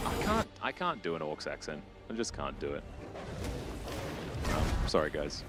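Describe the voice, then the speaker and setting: A man commentates a competitive video game match on his own, his pitch swinging widely as he talks. He fills gaps with chatty, self-mocking asides and gets loud on big plays. Background music runs steadily under his voice. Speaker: esports caster. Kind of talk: play-by-play esports commentary.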